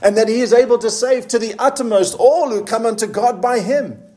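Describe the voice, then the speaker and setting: A man with a high voice delivers a sermon. He talks earnestly and keeps asking the congregation questions. He slows down whenever he reads scripture aloud. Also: a little mellow. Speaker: preacher.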